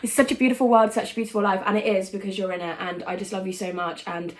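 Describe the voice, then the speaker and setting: A woman's voice: medium pitch, fairly even intonation, fast, slight background noise. A young woman chatting casually while getting ready, emotional and effusive, swearing and saying "like" constantly. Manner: emotional, effusive, swears often, says "like" a lot. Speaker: vlogger. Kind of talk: casual get-ready-with-me chat.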